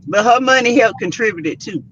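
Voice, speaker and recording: A woman's voice: fairly high pitch, animated, a little fast, fairly bright tone, husky. A woman giving her opinions in a casual gossip chat, with sassy asides. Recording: dull, muffled sound.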